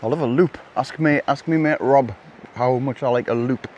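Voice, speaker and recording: Walking woodland and coastal trails outdoors, a middle-aged man rambles casually to his camera in vlog style, dropping in jokey asides. His voice is mid-range, moderately paced, and darkish in tone, the audio is dull, and there's slight background noise.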